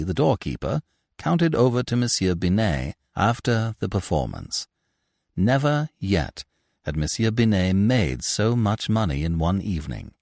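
A man narrating a classic novel for a podcast in a theatrical, expressive manner, close to the mic. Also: lowish voice, dry recording.

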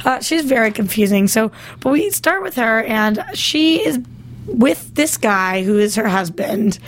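A woman's voice: on the high side, animated, measured pace. A young woman co-hosting a show in bubbly, jokey casual chat. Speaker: co-host.

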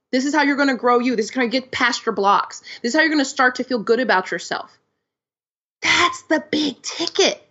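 Woman coach, high-ish voice, animated storyteller, kinda muffled lo-fi audio. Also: normal speed, breathy edge. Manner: animated storytelling, acts out client quotes. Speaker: life coach. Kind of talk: podcast interview guest.

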